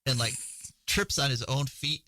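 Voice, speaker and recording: A man's voice: medium pitch, expressive, measured pace, sharp tone, no room sound, rough recording. A man hosting a radio show, chatting casually through the news with frequent fillers and laughs.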